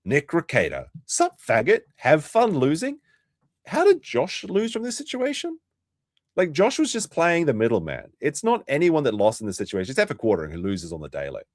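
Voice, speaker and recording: A man hosting a live-stream commentary show, casual and profane, mocking his subjects and often breaking into loud laughter. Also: fairly high pitch, wildly swooping pitch, normal speed, dry recording, studio quality. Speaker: livestream commentary host.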